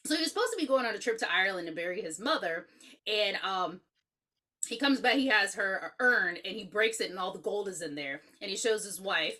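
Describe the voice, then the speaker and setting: A woman co-hosting a podcast, reviewing a horror movie in a casual, animated, profane chat and laughing often. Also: mid-range voice, fairly quick. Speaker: podcast co-host.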